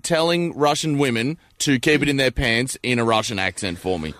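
A man's voice: mid-range voice, normal speed, fairly bright tone, dry recording, clean studio sound. A man hosting breakfast radio, teasing his co-host in playful banter and laughing easily.

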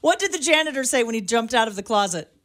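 A woman's voice: fairly high pitch, expressive, quick pace, fairly bright tone. A woman co-hosting a morning radio show, trading corny jokes and laughing easily in the studio. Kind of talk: joke-telling morning radio banter. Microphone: studio microphone.

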